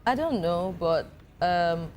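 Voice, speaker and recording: A woman's voice: lowish voice, expressive, takes it slowly, a little mellow. A young woman, talking as the guest on a breakfast talk show. She is frank and playful and laughs easily. A faint hiss of background noise sits under her voice. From Nigeria. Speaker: actress guest. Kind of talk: casual talk show interview.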